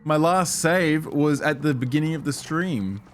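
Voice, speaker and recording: A young man grumbling his way through live gameplay commentary, breaking into sudden high-pitched outbursts of frustration. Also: a little slow. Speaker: game streamer. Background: faint game music.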